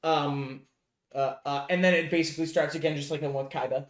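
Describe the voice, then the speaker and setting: A man's voice: fairly high pitch, fairly even intonation, fairly quick, reverberant. A man co-hosting a podcast, recapping a show in casual chat, rambling with many fillers and swearing freely. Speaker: podcast co-host.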